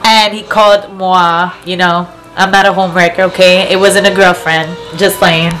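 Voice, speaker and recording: A woman's voice: lowish voice, flat delivery, moderate pace, fairly bright tone, low-quality recording. Giggly chatty woman vlogger. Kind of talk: casual chat.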